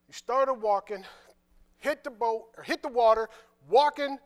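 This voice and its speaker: A man preaching a sermon, reading scripture and retelling it in casual, conversational dialogue, with quiet asides in between. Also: very high voice, a little slow. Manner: animated, drops to quiet asides.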